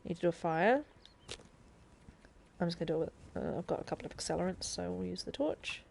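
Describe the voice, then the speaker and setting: Woman, game streamer, chatty tutorial talk, thinking aloud, lowish pitch, faint background hiss. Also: lively intonation, quick pace, creaky, a little mellow. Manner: chatty and explanatory, thinking aloud as she plays. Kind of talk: casual live-stream gameplay tutorial.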